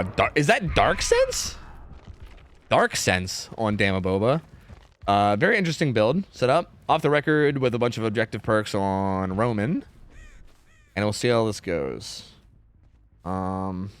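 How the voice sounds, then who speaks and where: A young man casting a game match live on stream, chatty and full of fillers, reading chat as he goes. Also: mid-range voice. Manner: chatty, many fillers, reads chat aloud. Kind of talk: casual live commentary. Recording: faint music behind.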